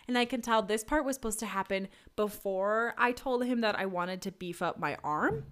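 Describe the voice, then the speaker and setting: A woman's voice: a little high, normal speed, few pauses. A woman in casual conversation, telling a personal story with lots of energy. She swings her voice up and down to act out what each person said, and she laughs often as she goes. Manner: animated, acts out quotes, laughs often.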